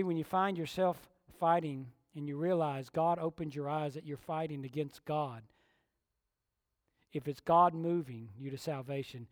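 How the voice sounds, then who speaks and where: A man preaching a sermon with emphasis, moving between forceful declarations and hushed, quiet passages. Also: on the high side, no echo, clean studio sound.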